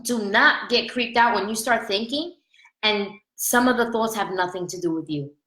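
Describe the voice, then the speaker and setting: A woman life coach giving an animated motivational talk, asking "right?" often and laughing between points. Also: medium pitch, moderate pace, roomy sound, poor audio.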